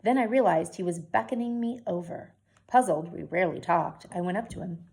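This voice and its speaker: A teacher reading a novel aloud to her class with clear, expressive storytelling. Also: fairly low pitch, a little fast.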